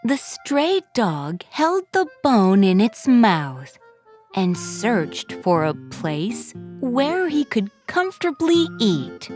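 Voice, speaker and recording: A woman narrating a children's story in a gentle, expressive way. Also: fairly high pitch, slow. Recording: faint background music.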